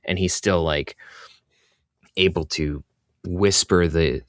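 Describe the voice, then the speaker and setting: Low-voiced, hesitant man co-host. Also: steady tone, slow pace, no echo, clean studio sound. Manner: hesitant, full of ums and likes, opinionated. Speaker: podcast co-host. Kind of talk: casual chat.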